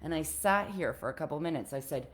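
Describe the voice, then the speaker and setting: A woman's voice: low-pitched, lively intonation, fast. A woman relationship coach talking casually on a live stream to her group, earnest and encouraging, often repeating her key points.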